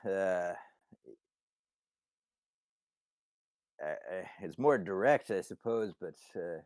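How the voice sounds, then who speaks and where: A man's voice: sits low, animated, measured pace, a little mellow, no room sound, studio quality. A man voicing an irritable, foul-mouthed male henchman who curses and sounds impatient. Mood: annoyed. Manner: cursing, impatient.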